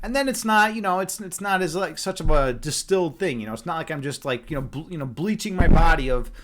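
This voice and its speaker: A man's voice: fairly high pitch, lively intonation, fast, noisy background. A man from Chicago hosting a casual livestream chat, rambling and laid-back, repeating words and saying "dude" and "man" a lot. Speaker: livestream host.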